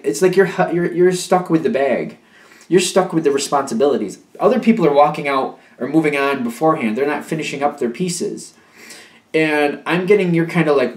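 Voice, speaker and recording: A young man giving a casual tarot reading, talking in a loose, repetitive, conversational way. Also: a little high. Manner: conversational, repetitive, acts out imagined voices of the listener. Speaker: tarot reader. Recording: echoey room.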